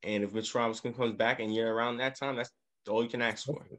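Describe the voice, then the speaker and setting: A man co-hosting a casual sports podcast, walking through game recaps with lively emphasis. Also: medium pitch, fast talker. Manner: animated, leads the game recaps. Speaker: podcast co-host.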